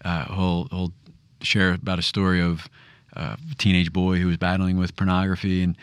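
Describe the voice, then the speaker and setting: A man's voice: low voice, flat delivery, moderate pace, smooth, no echo. A man telling stories in a reflective, casual faith discussion, often repeating words. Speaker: discussion panelist.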